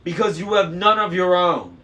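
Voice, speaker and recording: A man doing a furious high-voiced teen girl. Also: normal speed. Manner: shouting, indignant. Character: furious teenage girl demigod. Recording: faint noise, slightly distant mic.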